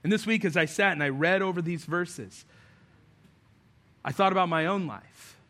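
High, bright-voiced man preaching a sermon. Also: normal speed. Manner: earnest, conversational preaching with self-deprecating asides. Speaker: pastor.

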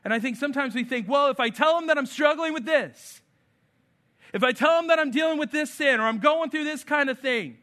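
Male pastor, sermon delivery; very high, bright and forceful voice; acts out characters in the story. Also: a little fast. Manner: animated preaching, acting out Bible characters' voices.

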